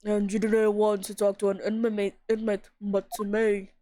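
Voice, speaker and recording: A woman voicing a burly, stern male prison governor from a video game. She reads him in a gruff, boastful way and stumbles over some lines. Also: medium pitch, level tone, normal speed, warm tone, dry recording, lightly acted.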